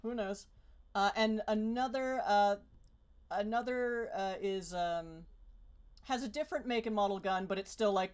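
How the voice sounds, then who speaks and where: A woman's voice: medium pitch, animated, measured pace. A woman narrating as game master of a tabletop role-playing game, rambling with many fillers and restarts.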